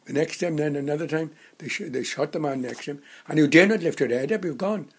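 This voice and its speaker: A man in his nineties reminiscing in casual conversation, a halting storyteller who rambles and restarts his sentences. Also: on the high side, slightly rough. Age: 90s. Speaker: interviewee.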